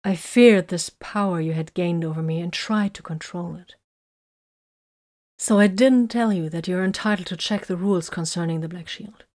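A woman's voice: fairly low pitch, a little mellow, close to an everyday voice. A woman reading a bitter, wounded woman warrior. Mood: confessional. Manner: hurt, confessional, emotional. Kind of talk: audiobook character reading.

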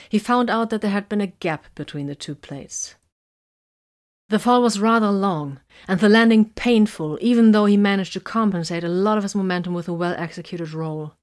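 A woman reading a story aloud in a steady, measured narration. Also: medium pitch. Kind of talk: audiobook reading of fan fiction.

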